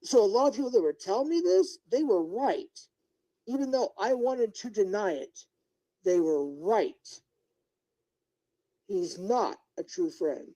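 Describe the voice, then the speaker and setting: A man's voice: high voice, big pitch swings, measured pace, pauses often, mellow, low-quality recording. A middle-aged man live-streaming as a YouTuber, ranting indignantly and talking straight to his viewers and chat. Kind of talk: unscripted livestream rant.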